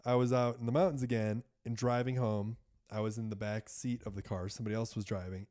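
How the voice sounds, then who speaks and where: A man's voice: lowish voice, fast talker. A man in his thirties telling a story in casual podcast chat, swearing and acting out the people he quotes. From United States. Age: 30s. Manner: animated, swearing, acts out doctors in quoted voices. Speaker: podcast guest.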